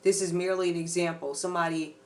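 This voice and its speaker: A woman's voice: lowish voice, little pitch movement, quick pace. A woman doing a casual tarot reading, chatty and loose, talking straight to her viewers. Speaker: tarot reader.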